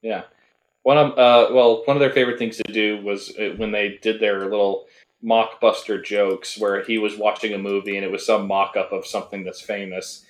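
A man co-hosting a casual comic book podcast, wry and a little halting in his speech. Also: on the low side, level tone, roomy sound. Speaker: podcast co-host.

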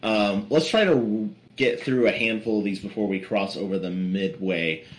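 A man's voice: on the low side, moderate pace, low-quality recording. A man hosting a casual podcast, loose and profane as he moves the talk along. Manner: loose and profane, steering the conversation. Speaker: podcast host.

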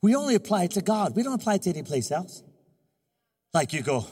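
Husky high-voiced man in his fifties preaching. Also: fast talker, long reverb tail. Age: 50s. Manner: animated, joking preacher who acts out little scenes. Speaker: pastor. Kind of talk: sermon.

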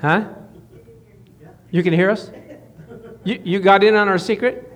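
A pastor preaches a lively, casual sermon to a small congregation in a high, slightly slow voice. He tosses questions to his listeners and chuckles as he lands each point, keeping an easy, conversational tone rather than a formal pulpit one.

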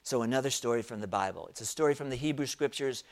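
A man preaching a sermon, telling a story with dramatic pauses and rising swells of volume. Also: mid-range voice, creaky. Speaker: pastor.

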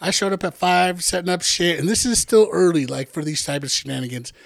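A man telling a profane, animated story in casual chat, acting out the people he quotes. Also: sits high, fairly quick, gravelly, no room sound.

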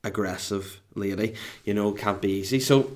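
Middle-aged man, North Down accent; animated, self-mocking comic storyteller with a salty mouth. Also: fairly low pitch, moderate pace. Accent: Northern Irish, North Down. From Northern Ireland. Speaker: podcast co-host.

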